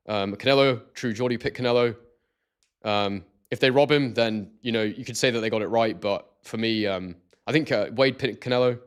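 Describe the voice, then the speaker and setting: An excitable man talking straight to his viewers on a live stream. He is chatty and loose, and he keeps reading out names and messages from the chat. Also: medium pitch. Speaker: boxing stream host.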